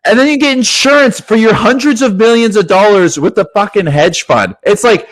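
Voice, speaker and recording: A young man co-hosting a casual podcast, talking excitedly and swearing often, with "dude" in every other sentence. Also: high-pitched, brisk. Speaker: podcast co-host.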